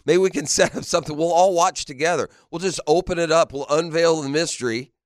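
A man hosts a sports radio show, his voice sitting a little high for a man. He banters playfully, laughing often and teasing with rhetorical questions. The studio sound is close and dry. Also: fairly quick, no room sound. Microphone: studio microphone.

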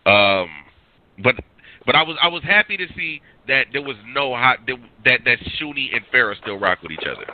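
A man co-hosting a casual chat about battle rap, slangy and halting, stumbling over his words. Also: medium pitch, very animated. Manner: slangy, halting, full of fillers and restarts. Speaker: podcast co-host. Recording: tinny phone-like line with faint hiss.

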